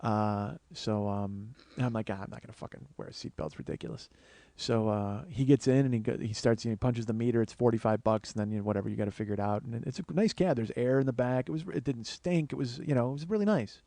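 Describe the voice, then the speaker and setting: A man telling a long comic story on his show, swearing often, starting in low murmurs and building to excited, rising outbursts. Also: quick pace, few pauses, no echo. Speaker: comedian and podcast host. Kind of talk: storytelling monologue.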